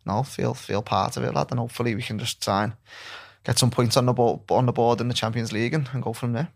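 A man's voice: mid-range voice, fairly even intonation, creaky. A young man with a Scouse accent, a footballer chatting casually as a guest, slangy and full of "lad". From Liverpool, England. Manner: quick, slangy, says "lad" constantly. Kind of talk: casual chat.

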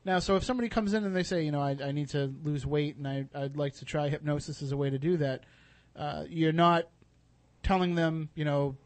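A man's voice: on the high side, brisk, dry recording. A man hosting a radio interview, asking questions with frequent restarts and reading out show announcements. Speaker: radio host. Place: radio studio.

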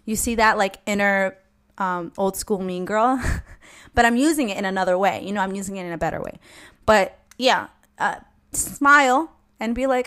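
A young woman talks straight to her listeners in a casual advice chat. She is blunt and a little profane, with a mid-range voice. When she acts out her own comebacks, her delivery gets more animated. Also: mid-range voice, moderate pace. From Latina. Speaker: podcast host.

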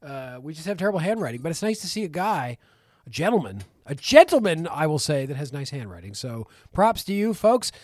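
A man's voice: fairly high pitch, very animated, brisk, hardly any pauses, darkish tone, no echo, studio quality. A man co-hosting a casual film podcast, joking and rambling with frequent swearing. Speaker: podcast co-host.

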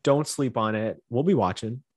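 A man's voice: medium pitch, normal speed, a little mellow. A young man hosting a casual gossip podcast, chatty and playful with lots of fillers. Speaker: podcast host. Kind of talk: casual entertainment gossip chat.

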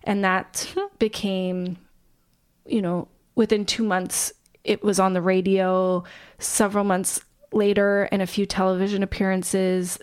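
A woman, co-hosting a podcast and retelling a life story in a relaxed, casual way with fillers. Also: medium pitch, a little slow, clear, resonant tone. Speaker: podcast co-host.

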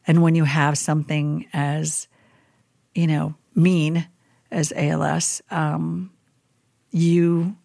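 A woman chaplain telling stories in a casual podcast interview, animated and acting out the people she quotes. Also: sits low, slow pace, vocal fry, long pauses, dry recording, clean studio sound. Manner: animated storyteller who acts out quoted people.

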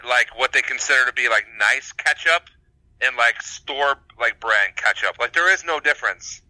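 Bright-voiced man, chatty podcast co-host. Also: mid-range voice, moderate pace, no echo, low-quality recording. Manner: laughs often, hesitant with many fillers. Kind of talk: casual chat.

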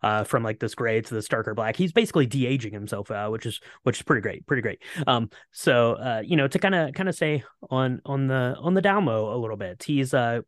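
Brief: man, dry close mic, relaxed podcast co-host with lots of fillers. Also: medium pitch, brisk, hardly any pauses, no room sound. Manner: relaxed, filler-heavy with many ums. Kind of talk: casual film recap chat.

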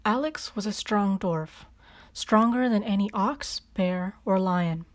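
A woman reading a children's storybook aloud as narrator, calm and even. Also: mid-range voice, slow.

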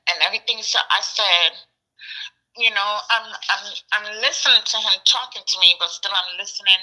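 A middle-aged woman, a distressed mother retelling her son's last call in halting, repetitive words, heard over a phone line. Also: mid-range voice, bright, forceful tone. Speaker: mother of missing son, interviewee. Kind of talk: emotional personal account.

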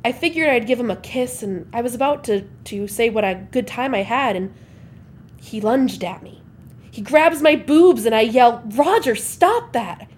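A woman's voice: on the high side, lively intonation, moderate pace, darkish tone, slight background noise. A woman performing a comic monologue, telling her story in a wry, sarcastic way.

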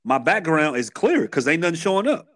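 A man's voice: a little high, a little fast. Streetwise Chicago man telling his story. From Chicago, USA. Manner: streetwise, animated retelling with repeated restarts. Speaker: podcast guest. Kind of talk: candid storytelling interview.

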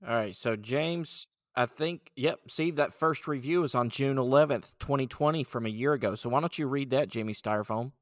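A male podcast host in easygoing chat, relaxed and quick to laugh. His voice sits at an ordinary male pitch. The sound is dry and close-miked. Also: dry recording.

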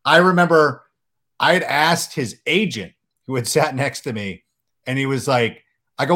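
A man hosting a casual podcast, telling jokey, animated stories and acting out quotes. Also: mid-range voice, moderate pace. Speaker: podcast host.

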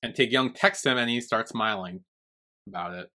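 A man's voice: lowish voice, moderate pace, bright, forceful tone. A young man co-hosting a podcast, chatty and retelling scenes with frequent swearing. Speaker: podcast co-host. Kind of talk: casual chat.

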